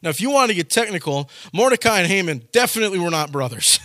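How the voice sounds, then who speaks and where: A man preaching a sermon in an animated way, acting out the people in his story. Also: sits high, fast talker, dry recording, studio quality. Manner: animated, acts out quoted voices. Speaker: pastor.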